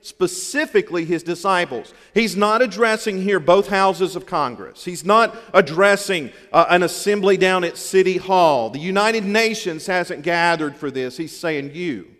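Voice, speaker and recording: A man's voice: high-pitched, unhurried, hardly any pauses, fairly bright tone. A man with a Southern US accent preaching a folksy, humorous sermon, with emphatic repetition to his congregation. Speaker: pastor. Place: church sanctuary. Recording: long hall reverb.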